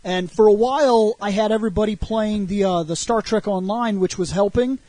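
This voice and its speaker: A man hosting a casual podcast chat, telling stories with energy, swearing and acting out shouted lines. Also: high-pitched, brisk, no room sound. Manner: animated storyteller, shouts acted-out lines, laughs and swears. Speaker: show host.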